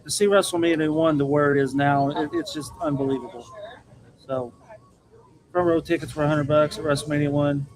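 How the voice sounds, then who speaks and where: A man's voice: on the high side, steady tone, fairly quick, darkish tone, poor audio. A man who does wrestling commentary, telling stories and reminiscing in casual chat. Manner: storytelling, reminiscing. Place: busy pizzeria. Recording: crowd chatter behind.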